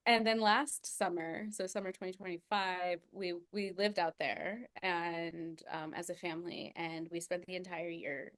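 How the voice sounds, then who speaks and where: A woman's voice: fairly low pitch, steady tone, a little slow, hardly any pauses, a bit bright, no room sound, clean studio sound. A woman guest on a podcast, telling stories in a reflective way and laughing often. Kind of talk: reflective conversational storytelling.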